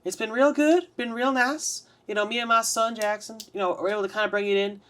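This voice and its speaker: A man's voice: high-pitched, fairly even intonation, a little fast, fairly bright tone, voice pushed up. A man voicing a middle-aged farm mother who rambles with many hesitant fillers. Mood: rambling.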